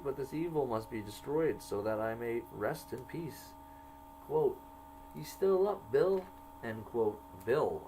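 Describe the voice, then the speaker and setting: A man at a mid pitch reads his own diary entries aloud at an unhurried, deliberate pace. He marks each quoted line aloud with quote and end quote, and a faint electrical hum sits low behind his voice. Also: darkish tone, low-quality recording. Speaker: narrator reading his own jail journal.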